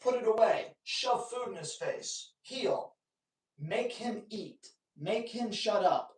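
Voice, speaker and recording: A man with a high, animated voice speaks slowly while hosting a live dog training Q&A. He gives blunt, emphatic advice in short, punchy commands, recorded in a roomy space at a distance from the mic.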